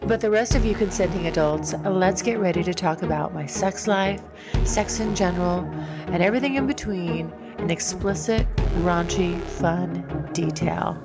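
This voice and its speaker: Woman, scripted intro narration, teasing, slightly low voice, loud music bed. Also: moderate pace. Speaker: podcast intro announcer.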